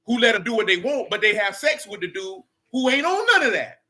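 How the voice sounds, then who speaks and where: A man's voice: very high voice, sing-song, a little fast, bright, forceful tone. A man leading a casual Bible study, blunt and slangy as he preaches and rants.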